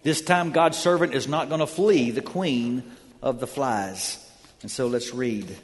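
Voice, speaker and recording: A man's voice: medium pitch, measured pace, long reverb tail. A man preaching a sermon, telling the story with dramatic energy in a church sanctuary. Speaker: pastor.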